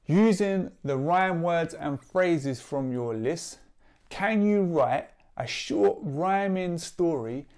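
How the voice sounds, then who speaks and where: A man, a poet leading a friendly, upbeat rhyming warm-up for young writers, explaining each task clearly. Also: fairly high pitch. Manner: upbeat, clear teacher-like explanations with example rhymes. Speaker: poet and workshop leader. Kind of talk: instructional video for young writers.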